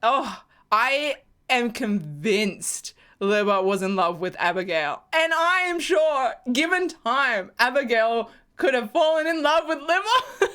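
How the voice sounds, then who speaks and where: Emotional gushing young woman, slow talker. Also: on the high side, sing-song, pushed and bright, clean tone. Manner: gushing, emotional, laughing through sighs. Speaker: fan channel host. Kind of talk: casual TV episode reaction.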